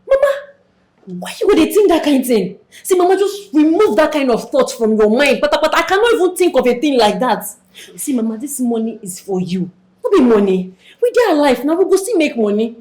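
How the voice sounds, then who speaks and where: An actress playing a caring young daughter with a Nigerian accent, mixing Pidgin with English. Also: female voice, mid-range voice, normal speed, mellow, natural voice. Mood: emphatic. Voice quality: mixes Pidgin with English, earnest. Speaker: devoted daughter. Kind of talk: film drama.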